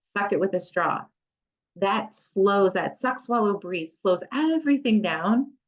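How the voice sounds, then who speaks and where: A middle-aged occupational therapist presents a parent education webinar, keeping it conversational and practical, with playful acted asides to children. Her voice is medium-pitched, expressive and a little slow, on slightly muffled lo-fi audio.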